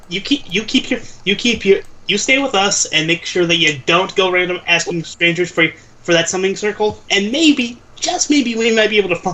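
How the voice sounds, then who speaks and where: A man's voice: high voice, pushed and bright. A man doing a weary, grumbling mercenary baron. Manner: exasperated, threatening.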